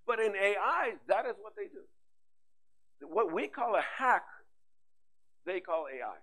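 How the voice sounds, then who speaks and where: A man giving a talk at a tech conference, his voice sitting a little high. He talks in a lively, rhetorical way, asking questions and answering them himself. His delivery is full of fillers and restarts. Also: slow pace, rough recording. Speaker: conference speaker. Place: conference hall.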